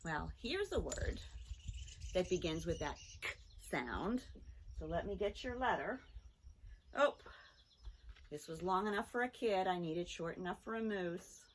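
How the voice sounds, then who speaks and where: A middle-aged woman teaching a children's phonics lesson, talking slowly in a sing-song way and mixing in songs. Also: lowish voice. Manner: slow, lively, sing-song teacher talk to young children.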